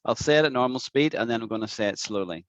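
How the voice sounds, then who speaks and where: A man teaching an online English lesson, patiently repeating words slowly for his students to practice. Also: medium pitch, no echo, highs cut off. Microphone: video call.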